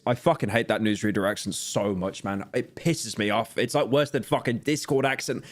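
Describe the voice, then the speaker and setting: A man's voice: lowish voice, normal speed, few pauses. Ranting British man streaming. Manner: ranting, swearing, animated. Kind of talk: casual reaction commentary.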